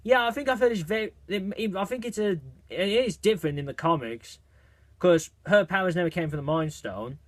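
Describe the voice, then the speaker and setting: A high-sounding man talks briskly through a movie trailer review in a casual video, getting excited and rambling, restarting often and filling pauses. There's no room sound.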